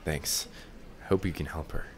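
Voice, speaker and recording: A man voicing a sad young son in a game, soft and subdued. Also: very deep voice, fairly even intonation, a little slow, vocal fry, slightly rough, voice pushed down, full character voice.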